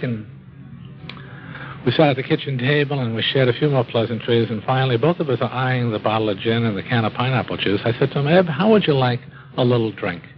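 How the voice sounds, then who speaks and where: A man's voice: mid-range voice, dull audio. A man telling his own drinking story in a folksy, wry way, acting out what people said. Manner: wry, self-mocking humor; folksy, acts out quoted speech. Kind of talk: storytelling talk.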